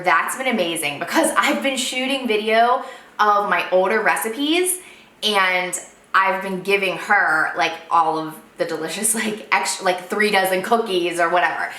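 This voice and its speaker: A woman's voice: fairly low pitch, sharp tone. A woman in her thirties, a food blogger, chatting casually at home to camera in a rambling way with lots of fillers. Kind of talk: casual vlog Q and A. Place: home room at night. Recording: roomy echo.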